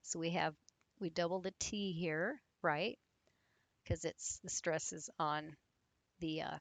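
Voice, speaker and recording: A woman's voice: lowish voice, vocal fry, no echo. A woman teaching English grammar, patiently explaining spelling rules and spelling words out letter by letter.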